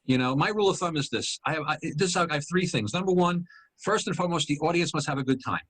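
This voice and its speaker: A man, a guest comedian, chatting on a video call, animated and swearing freely. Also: on the high side, fast, slightly rough, rough recording. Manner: animated storyteller, swears, frequent "you know". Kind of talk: casual chat on a video call.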